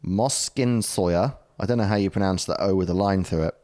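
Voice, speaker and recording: A man with a New Zealand accent, his voice sitting a touch low. He talks in a loose, rambling way, trading jokes and laughing easily in casual podcast chat. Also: fairly even intonation, very fast, dark tone. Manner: rambling, jokey, laughs often.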